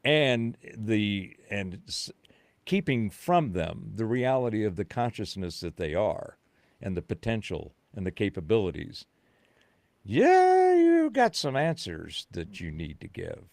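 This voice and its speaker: A man's voice: fairly low pitch, big pitch swings, unhurried, creaky, no echo. A man, a podcast guest, explaining his views in an emphatic, conspiratorial way. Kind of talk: casual chat.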